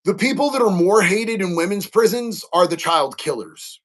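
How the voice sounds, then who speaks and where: A man hosts a casual, unscripted livestream, answering chat and talking to viewers in an earnest, heartfelt, candid way, full of slang, swearing and fillers. His voice is high and expressive, with a fairly bright tone and a normal speed.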